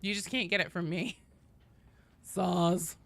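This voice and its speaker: A woman's voice: fairly low pitch, slow pace, vocal fry, a bit bright. A woman streaming a game, chatting casually with her viewers, playful and swearing, reading the chat aloud. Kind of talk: casual live-stream chat while gaming.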